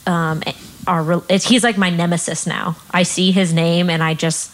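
A woman who works as a nurse, telling a story in a casual chat with animated, filler-heavy delivery. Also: fairly low pitch, moderate pace, slight background noise. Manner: animated, full of fillers and quoted voices. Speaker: nurse and podcast co-host.

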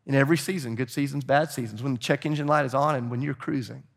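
A middle-aged man preaching a sermon as pastor, animated and urging the congregation to join in. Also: mid-range voice, fast talker, gravelly.

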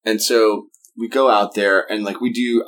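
Lively Southern man telling a story. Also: on the low side, moderate pace, a little hiss or hum. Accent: Southern American. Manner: animated, acts out quotes in raised voices. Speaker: podcast guest, wedding band singer. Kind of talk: casual storytelling.

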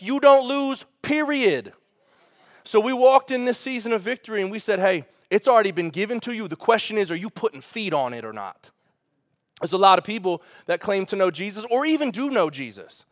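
A man preaching a sermon as pastor, animated and conversational, with asides to the congregation. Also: high voice.

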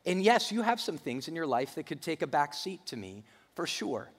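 A calm, gentle comic-strip Jesus speaks kindly and evenly, as a preacher puts him on. His voice carries through a hall with long reverb. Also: on the high side, normal speed, husky, pitched above the performer's own voice, full character voice.

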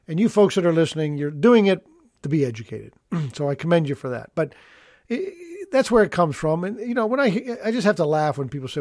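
A man's voice: a little high, expressive, fairly quick, darkish tone, no room sound, studio quality. A middle-aged man, an estate planning attorney hosting an educational talk show, explaining rules in an emphatic, folksy way and repeating his key points. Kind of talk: educational radio-style talk.

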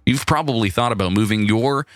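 A man's voice: medium pitch, fairly quick, dry recording. A male podcast co-host in casual joking chat, stumbling over restarts as he reads a sponsor spot.

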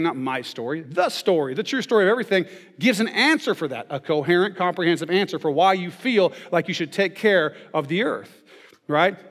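A man giving a sermon in a conversational way, often checking in with "okay?" and "right?". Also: sits high. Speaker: pastor. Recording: long reverb of a large hall.

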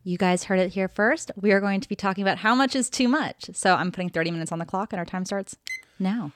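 A woman's voice: medium pitch, fast, slight background noise. A woman hosting a casual interview show, giving short encouraging replies and steering the talk. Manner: brief encouraging back-channel replies. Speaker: show host.

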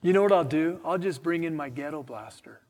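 A middle-aged man preaching a sermon with slow, emphatic delivery and chatty asides to his congregation. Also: fairly high pitch, expressive, a little mellow, in a large hall. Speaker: pastor.

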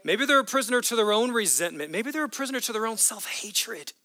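A man's voice: sits high, expressive, quick pace, bright, forceful tone. A man preaching a sermon as a pastor, with an impassioned, repetitive preaching cadence.

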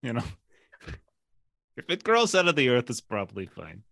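A man's voice: mid-range voice, wildly swooping pitch, moderate pace, gravelly, a bit bright, dry recording, clean studio sound, exaggerated voice. A man voicing a serene, earnest male mystic soldier with a drifting, sing-song delivery. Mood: earnest, dreamy.

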